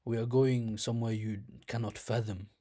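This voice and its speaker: A young man quoting his older uncle in a calm, mysterious tone, delivering solemn pronouncements. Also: mid-range voice, moderate pace, close to an everyday voice. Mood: cryptic.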